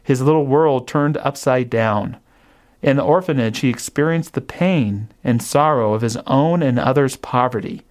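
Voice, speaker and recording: A man giving reflective spiritual commentary in a thoughtful way, often asking rhetorical questions. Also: mid-range voice. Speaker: narrator.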